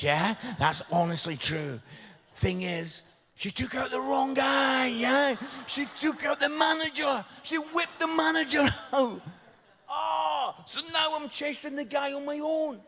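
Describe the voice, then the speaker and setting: Man, comic storyteller in a church hall, animated with shouted punchlines, slightly high voice, long hall echo. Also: vocal fry. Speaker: guest comedian speaker. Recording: echoey hall reverb.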